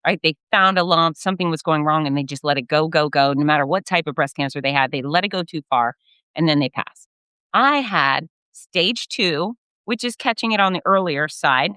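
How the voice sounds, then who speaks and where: A middle-aged woman hosting her own fitness podcast, telling a personal story in a candid, animated way with some blunt swearing. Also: sits low, no echo. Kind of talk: casual solo storytelling.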